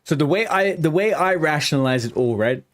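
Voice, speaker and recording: A man's voice: on the high side, animated, a little fast. A young man chatting loosely with his stream chat while gaming, rambling and swearing casually. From England.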